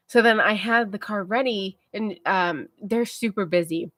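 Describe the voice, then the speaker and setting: A tired young woman hosting a livestream, telling a rambling story in a mellow, casual way, full of fillers and talking to herself. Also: medium pitch, brisk, hardly any pauses, dry recording, clean studio sound. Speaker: livestream host.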